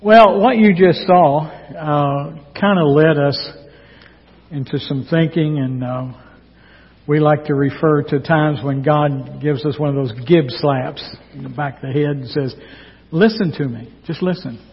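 A man's voice: on the high side, fairly even intonation, slightly rough. Folksy man preaching in a reverberant hall. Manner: folksy, earnest, slow emphatic delivery. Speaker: pastor. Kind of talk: team-preached sermon. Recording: dull lo-fi sound with long church reverb.

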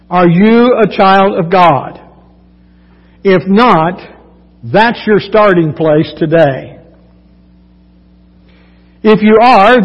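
A male pastor preaching a sermon in a church, with folksy, joking storytelling that turns earnest. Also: sits high. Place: church sanctuary. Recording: long hall reverb, dull lo-fi sound.

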